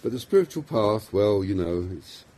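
Rambling London-accented man, mellow voice. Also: on the low side, big pitch swings, normal speed. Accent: London English. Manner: rambling, self-deprecating, many fillers. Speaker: psychiatrist giving a talk. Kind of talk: informal talk to a group.

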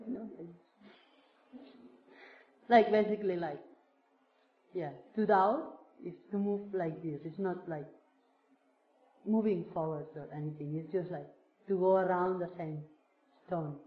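Slow woman doing a reflective spiritual talk, lots of "like", echoey room, kinda muffled. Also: fairly low pitch. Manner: slow, searching, many fillers like "like". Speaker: speaker sharing a teacher's words with a group. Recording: roomy, dull lo-fi sound.

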